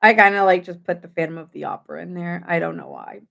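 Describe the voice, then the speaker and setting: A woman's voice: on the low side, quick pace, vocal fry, a bit bright. Goofy, chatty woman tarot reader. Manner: goofy and chatty, jokes and giggles often. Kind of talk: casual late-night tarot reading.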